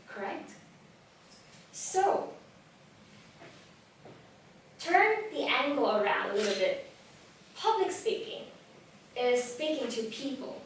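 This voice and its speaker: A young woman whose first language is Vietnamese speaks in a lively, direct coaching tone, her voice sitting a little high. She is picked up from some distance away, in a strongly echoing hall with a faint hum behind her. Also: slow pace, long pauses. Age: young adult. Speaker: speaker giving a talk on public speaking. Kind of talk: motivational talk to a live audience. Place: event hall. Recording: echoey hall, voice from far off.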